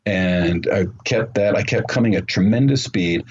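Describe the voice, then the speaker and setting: A man telling his story as an interview guest, earnest and unhurried, with frequent ums and uhs. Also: fairly low pitch, breathy edge. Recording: muffled remote call audio with faint noise.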